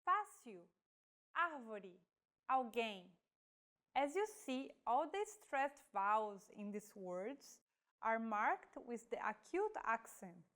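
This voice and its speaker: Woman teacher, slightly high voice, slow deliberate delivery of scripted lesson lines. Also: very animated. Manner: slow, careful, demonstrating example words. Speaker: language teacher.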